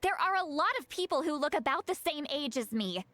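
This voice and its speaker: A woman's voice: sits high, animated, brisk, sharp tone, no echo. A woman voicing a bossy, short-tempered old granny in a young woman's body, in a video game.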